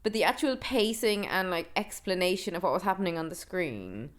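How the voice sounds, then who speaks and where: An Irish woman with a lowish, expressive voice co-hosts a podcast, chatting casually about a film. She's talkative and opinionated, throwing in quick asides as she reviews it.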